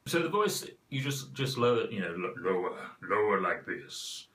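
A man's voice: sits low, measured pace, bright, forceful tone. A man hosting a jokey voice tutorial, talking in a playful, rambling, self-mocking way. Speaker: host.

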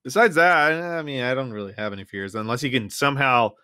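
A young man co-hosting a casual podcast chat, laughing often and acting out little scenes with high yelps. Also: fast, pushed and bright, smooth, dry recording, studio quality. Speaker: podcast co-host.

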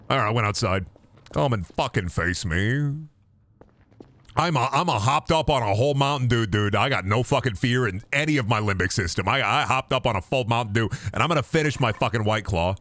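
A man streaming a video game, cursing and trash-talking loudly, then dropping to low mutters. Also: animated, brisk. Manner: profane, rowdy trash talk to the game; jumps between loud yelling and low mutters. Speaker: gaming streamer. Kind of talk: live gaming stream commentary.

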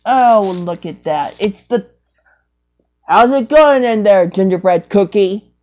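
Slow, scolding woman voicing toy play. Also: animated, soft background music. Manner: repetitive, scolding, bursts of high loud cries. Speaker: vlogger. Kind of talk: toy play with improvised character voices.

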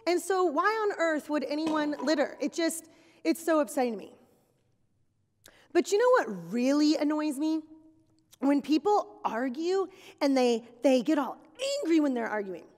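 A woman giving a children's sermon at church, telling stories in an animated, exaggerated way for kids. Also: high voice, normal speed. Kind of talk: kid's sermon with acted skit. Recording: long reverb in a hall.

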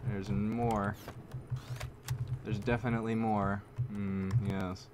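A man giving live commentary over his own gameplay, excitable, repeating himself and using mild minced oaths. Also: on the low side, slow, background noise. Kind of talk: live video game commentary. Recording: loud game gunfire under voice. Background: gunfire and shooting game sounds.

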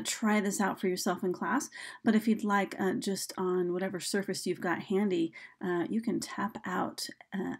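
A woman's voice: medium pitch, vocal fry, darkish tone. A woman teacher giving a recorded slideshow lesson, chatty and full of ums and uhs. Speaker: high school English teacher.

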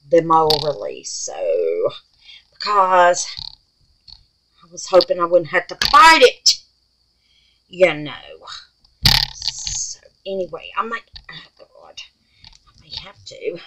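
A woman chatting through a crafting vlog, gushing and excitable, calling her viewers babies and y'all, dropping from squeals to hushed murmurs. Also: on the low side, slow, pauses often, a little hiss or hum, poor audio. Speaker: resin crafter, channel host.

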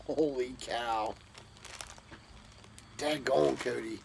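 A man's voice: fairly high pitch, lively intonation, takes it slowly, vocal fry, a little hiss or hum. A man opening a gift box of pipe tobacco and coffee, talking casually to his viewers with enthusiastic drawled exclamations. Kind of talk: casual unboxing talk to camera.

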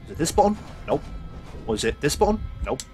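A man's voice: on the high side, sing-song, fairly quick, a little mellow, soft background music. Sweary exasperated man gaming. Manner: exasperated, sweary, talks to the game. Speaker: gaming YouTuber. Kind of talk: swearing gameplay commentary.

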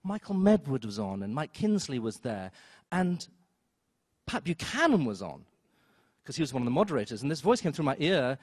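A man telling a story on stage at a live event, wry and self-mocking, with quick asides and acted-out quotes. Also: mid-range voice, very animated, a little mellow, slightly rough, dry recording, studio quality. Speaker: storyteller, film critic. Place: theater stage before an audience.

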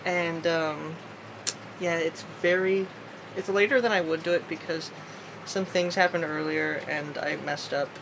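A woman's voice: low voice, fairly even intonation, a little slow, noisy background. A woman vlogging alone from her bedroom at night, rambling in a silly way with sudden squeals and sing-song bits. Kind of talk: goofy solo vlog.

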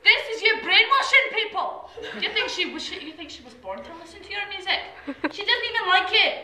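A woman's voice: extremely high pitch, animated, fast talker. A woman doing a comic rant to camera, mocking and laughing between insults. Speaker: vlogger. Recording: echoey room with loud hiss.

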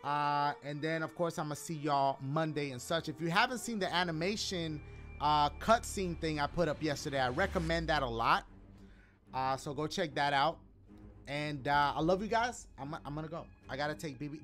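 A man with a high, bright, sharp voice chats loosely on a game livestream. He reads donations aloud, slips into slang and throws in playful jokes, with faint music playing behind him. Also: normal speed. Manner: loose slangy banter with joking asides. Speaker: gaming streamer. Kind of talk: casual livestream chat reading donations.

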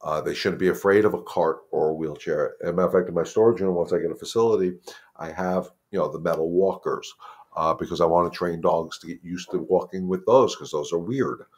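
A man's voice: low voice, a little fast, darkish tone, breathy edge. A man, the head dog trainer, giving plain-spoken, emphatic advice in a casual live Q&A and often repeating words as he thinks.

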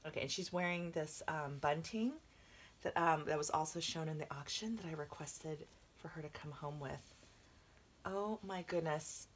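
A woman vlogging an unboxing to her viewers, gushing and excitable, with a slight cough from a coming cold and moments where she drops to a hush. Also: sits low, moderate pace, slight background noise. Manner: gushing, excitable, drifting into hushed whispers. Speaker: reborn doll collector vlogger. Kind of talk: unboxing vlog, talking to viewers.

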